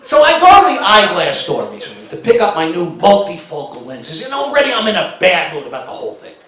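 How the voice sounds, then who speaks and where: Middle-aged stand-up comic, high lively voice, animated storytelling, echoey live room. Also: male voice, fast, crowd noise. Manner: animated storyteller, acts out shouting arguments. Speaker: stand-up comedian. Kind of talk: stand-up comedy routine. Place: stage before a live audience. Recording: roomy live venue sound.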